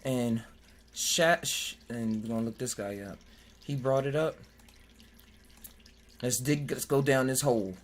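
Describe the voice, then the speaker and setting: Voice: medium pitch, a little slow, long pauses. A podcast host in casual chat who jokes, laughs often, reads articles aloud and stumbles over words.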